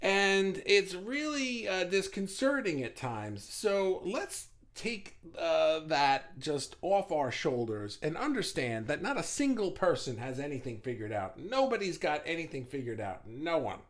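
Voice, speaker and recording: A man's voice: a little high, big pitch swings, a little slow, few pauses, a bit bright. Chatty, rambling male livestream host. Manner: chatty and rambling, greeting viewers by name, with swearing and self-deprecating jokes. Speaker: host of a live online group session. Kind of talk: casual livestream chat with viewers.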